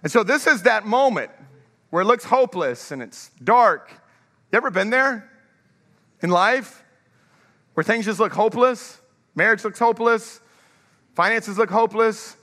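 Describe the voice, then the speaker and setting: A male pastor giving an energetic sermon in a large church, drawing the congregation to answer back. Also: sits high, long reverb tail. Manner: energetic, calls for congregation response.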